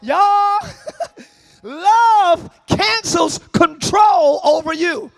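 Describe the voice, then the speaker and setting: A man preaching a sermon as pastor, often shouting. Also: very high-pitched, extremely slow, gravelly. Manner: shouting, sing-song preaching with call-and-response. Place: church service, before a congregation.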